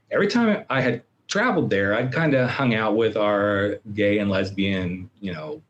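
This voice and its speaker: Middle-aged guy on a podcast, deep voice, tells his story animated, does his own inner voices. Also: moderate pace, hardly any pauses, highs cut off. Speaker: podcast guest. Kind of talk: personal storytelling in an interview.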